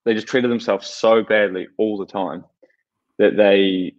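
A man with a low voice thinks aloud on a casual podcast, loose and full of fillers. The sound is a little dull and muffled. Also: steady tone, measured pace. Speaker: podcast co-host. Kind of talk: casual chat.

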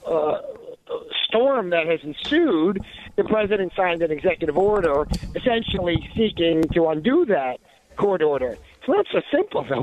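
A man's voice: fairly high pitch, no room sound, phone-quality sound. A man giving indignant, sarcastic talk radio commentary, with many restarts and asides.

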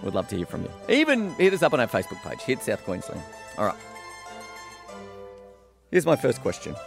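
A man with an Australian accent hosting talkback radio, chatty and laughing easily with callers. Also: mid-range voice. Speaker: radio host.

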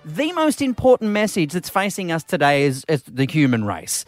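A man with an Australian accent co-hosting a breakfast radio show, telling stories in an animated, emphatic way. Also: on the high side, normal speed, soft background music. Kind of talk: casual radio banter. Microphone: studio microphone.

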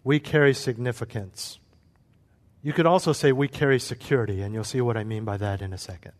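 A man's voice: medium pitch, fairly quick, in a large hall. A man preaching a sermon as pastor, acting out quoted voices along the way.

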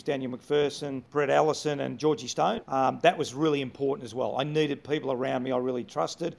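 A man's voice: mid-range voice, creaky. A middle-aged Australian man from Melbourne, a former football coach telling candid stories in an interview with frequent restarts. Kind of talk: conversational interview storytelling.

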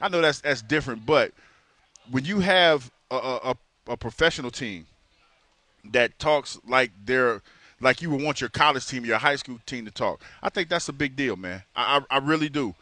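A man's voice: medium pitch, normal speed, sharp tone, no echo. A man co-hosting sports talk in a laid-back, chatty way who often repeats his words. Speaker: sports radio co-host.

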